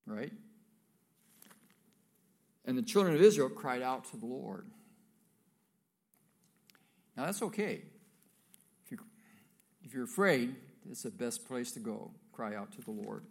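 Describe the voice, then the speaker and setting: A man's voice: medium pitch, animated, takes it slowly, vocal fry, pauses often. A male pastor preaching a sermon, reading scripture aloud and breaking off for casual asides to the congregation.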